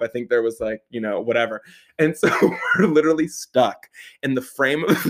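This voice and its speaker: A young man telling a story in a casual way, animated and profane, often breaking into laughter. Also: medium pitch.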